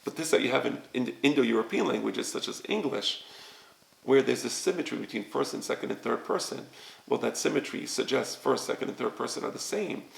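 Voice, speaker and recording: A man teaching a recorded lesson, explaining slowly and often checking with "right?". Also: medium pitch, vocal fry, reverberant, rough recording. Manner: slow, explanatory, repeats "right?" to check understanding. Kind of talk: recorded lecture on grammar.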